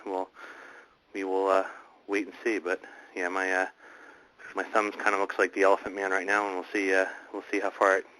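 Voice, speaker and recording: A man hosting a casual online radio chat, talking in a halting, rambling way with many restarts. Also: deep voice, completely flat delivery, pushed and bright, poor audio. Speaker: host.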